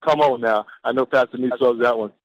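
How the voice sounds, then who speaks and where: A man reading motivational quotes on a conference call, fired up and emphatic, slowing down for the quotes. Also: medium pitch, fairly even intonation, no room sound, lo-fi sound.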